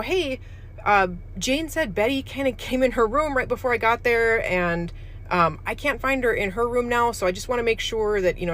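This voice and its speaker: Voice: medium pitch, fairly bright tone. A speaker recounting a parent's eerie hospital story casually, rambling with fillers and acting out quoted dialogue. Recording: clear music bed under the voice. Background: music.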